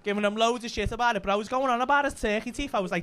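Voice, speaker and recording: A man with a Liverpool accent, a comedian and club host telling stories in casual chat, swearing freely with rapid banter. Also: very high voice, fairly bright tone. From Liverpool, England.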